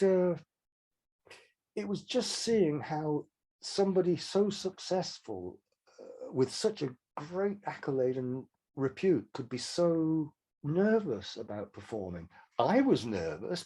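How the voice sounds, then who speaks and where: A man's voice: a little high, sing-song, slow pace, dark tone, husky. An older man, a songwriter telling rambling, self-deprecating stories as an interview guest. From England. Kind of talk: casual interview chat.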